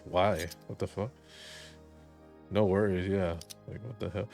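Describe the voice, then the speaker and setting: A man's voice: low-pitched, steady tone, unhurried, creaky, long pauses, darkish tone, faint music behind. A man giving rambling, jokey let's play commentary and reading the game's dialogue aloud. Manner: rambling, jokey, reads game text aloud. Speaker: gaming video commentator.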